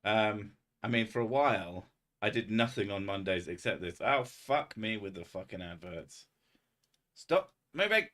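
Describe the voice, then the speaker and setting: A man's voice: on the low side, lively intonation, unhurried, fairly bright tone. Sweary, rambling man streaming. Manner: rambling, sweary and self-mocking. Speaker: streamer hosting a live chat. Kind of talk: casual live-stream chat.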